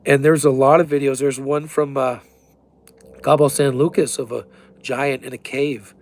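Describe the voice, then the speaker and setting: Gravelly, profane man rambling to camera. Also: fairly high pitch. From Colorado, USA. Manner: profane, excitable, conspiratorial rambling. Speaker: vlogger. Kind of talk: rambling casual monologue.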